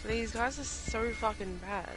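Excitable swearing gamer woman. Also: on the high side, measured pace, over loud music. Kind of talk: casual game chat.

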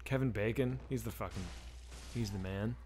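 A man in his forties streams a video game, swearing freely and chatting loosely with viewers as he plays. His voice is lowish and somewhat dark, at a moderate pace, with slight background noise.

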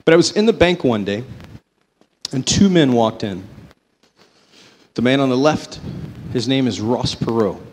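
A man sharing his faith testimony before an audience, telling it as a story that swings between slow, emphatic phrases and quicker runs. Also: mid-range voice, expressive, a little mellow, big-room sound, slight background noise. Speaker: company vice president giving a testimony.

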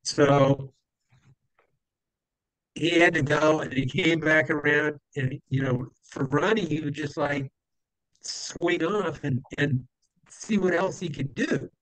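A man's voice: a little high, slow, pauses often, fairly bright tone, dry recording, poor audio. A man telling old stories as an interview guest, rambling with many fillers and acting out the people he quotes. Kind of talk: casual storytelling.

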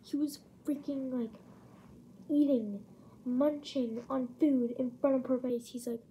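Young woman doing a slow bedtime storytime, high mellow voice, lots of "like"s and whispers, faint hiss behind. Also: fairly even intonation. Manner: chatty, many fillers, often drops to a whisper. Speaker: vlogger. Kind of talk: casual storytime chat. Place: home at night.

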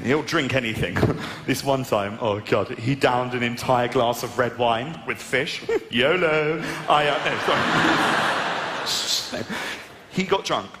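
A young man with a posh southern English accent doing a stand-up set on stage, plummy and self-mocking as he tells animated stories. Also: medium pitch, takes it slowly. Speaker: stand-up comedian. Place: large arena stage. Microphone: stage microphone. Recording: echoey arena with crowd noise.

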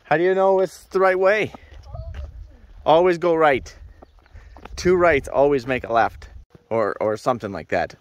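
A man's voice: fairly high pitch, animated, measured pace, long pauses, dull audio. A man filming a family hike outdoors, joking and laughing as he talks to the camera. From Canada. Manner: joking, playful, laughs often. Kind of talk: casual chat. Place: outdoors on a hiking trail.

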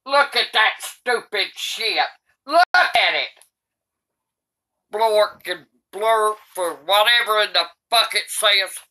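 Cranky old grandma cussing nonstop while she reads, slow drawl, really piercing bright voice. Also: medium pitch. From United States. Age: older. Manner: cranky, swears constantly, shouts in outrage. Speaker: comedy YouTuber grandmother. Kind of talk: comedic reading aloud.

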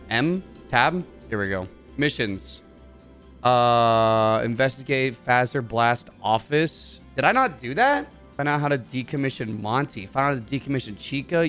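A man narrating a horror game let's-play, joking, swearing and yelling when startled. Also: mid-range voice. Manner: jokey, swears, mutters, yells when startled. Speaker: gaming YouTuber.

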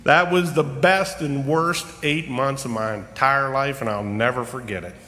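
A middle-aged man giving a rambling personal sermon in a church, humorous and self-deprecating, slowing down for emphasis. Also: mid-range voice, pushed and bright, slight background noise. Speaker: lay preacher. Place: church sanctuary. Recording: long reverb of a church hall.

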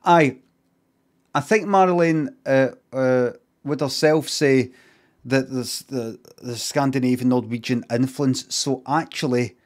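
A Scottish man streaming live, rambling in a mock-serious way and swearing casually. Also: medium pitch.

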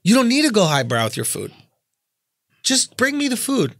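A man hosting a comedy podcast, ranting in an animated, profane way. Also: high-pitched, normal speed, creaky, dry recording, studio quality. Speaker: podcast host.

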